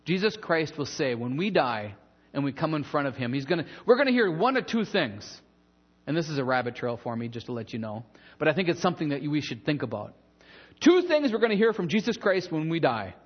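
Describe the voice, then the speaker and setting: A pastor preaching a sermon in a church in a conversational, animated way, with asides and bits of humor. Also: male voice, fairly high pitch, brisk, husky, big-room sound, muffled recording.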